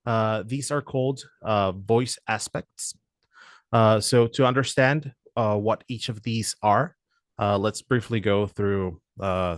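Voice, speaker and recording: A man with a fairly low voice walks through software features in a halting way, stopping often on "uh" between phrases. The sound is dry and close, with little room in it. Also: dry recording. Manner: hesitant, many "uh" fillers. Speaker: product presenter.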